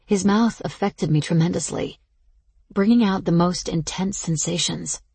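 A woman giving slow, intimate, first-person audiobook narration. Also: on the low side, vocal fry, darkish tone, husky, dry recording.

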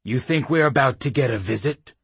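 A man voicing a bulky old half-orc warband chief who talks in short, gruff commands. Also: medium pitch, very animated, slow, fairly bright tone, dry recording, voice pushed up, exaggerated voice. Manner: barks orders, gruff and terse.

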